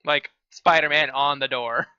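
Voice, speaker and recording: Male player, very bright tone, playful and laughing, dry and dull recording. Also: mid-range voice, steady tone, measured pace, clean tone, dry recording. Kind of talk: tabletop game play.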